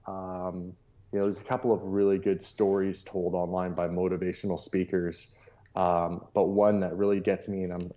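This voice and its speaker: Podcast guest: deep, mellow-voiced man, earnest and repetitive, on muffled lo-fi sound. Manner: earnest, storytelling, repeats key points. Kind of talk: casual motivational talk.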